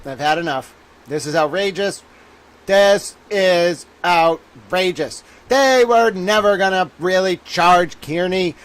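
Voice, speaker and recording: A man's voice: high voice, takes it slowly, a bit bright, clean tone. A man hosting a livestream, ranting in an exasperated, theatrical way, swearing often and repeating himself. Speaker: livestream legal commentator. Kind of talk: solo livestream rant.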